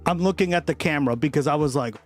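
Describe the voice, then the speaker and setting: A man's voice: fairly high pitch, fast talker, faint music behind. A man hosting a casual livestream, rambling and swearing freely as he comments, often breaking into laughter. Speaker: livestream host.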